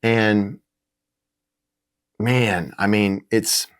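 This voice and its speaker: A middle-aged man talks about faith in a casual, reflective way, earnest and a little halting, often restarting his sentences. His voice sits very low. The sound is close and dry, with almost no room echo. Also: steady tone, smooth. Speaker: Christian minister.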